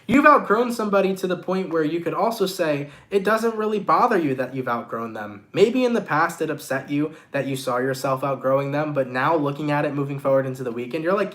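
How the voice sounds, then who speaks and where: Young man, stuffed-up voice, a bit high, hosting a laid-back tarot vlog with slangy, upbeat talk. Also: animated, a little fast, hardly any pauses, a bit bright. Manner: casual, upbeat, slangy, talks straight to viewers. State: congested. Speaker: tarot reader. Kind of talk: casual tarot reading vlog.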